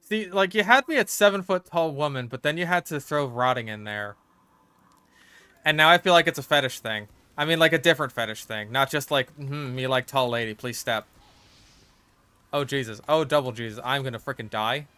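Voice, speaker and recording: A man's voice: a little high, fairly quick, sharp tone, clear, resonant tone, dry recording. A man streaming a shooter game, rambling and joking with stammered restarts. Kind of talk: casual gaming commentary.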